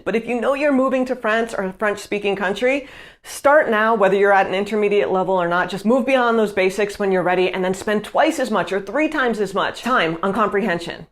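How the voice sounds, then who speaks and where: A woman vlogger giving direct, emphatic advice in a casual, conversational way, often checking in with "right?" and "you know". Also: medium pitch.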